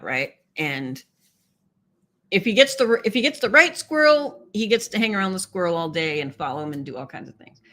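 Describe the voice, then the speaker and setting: A woman's voice: sits low, bright, forceful tone. Chatty woman hosting a live stream. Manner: chatty, laughs often, reads viewer comments aloud. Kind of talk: casual live stream chat.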